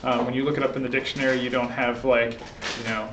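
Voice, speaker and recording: A man's voice: medium pitch, level tone, fast, far from the mic, background noise. Man lecturing, hesitant, in a roomy space. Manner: thinks aloud with many fillers and restarts. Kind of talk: informal philosophy lecture. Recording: roomy, dull lo-fi room recording.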